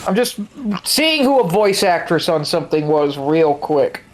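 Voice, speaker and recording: A man's voice: fairly high pitch, sing-song, unhurried, soft background music. A man co-hosting a game stream in casual chat, telling trivia and swearing freely. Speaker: stream co-host.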